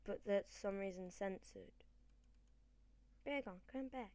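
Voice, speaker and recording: A woman giving rambling, excitable let's-play commentary, swinging between loud cheers and quiet mumbles into a desk microphone. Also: medium pitch, slow pace, long pauses, no room sound. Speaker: gamer.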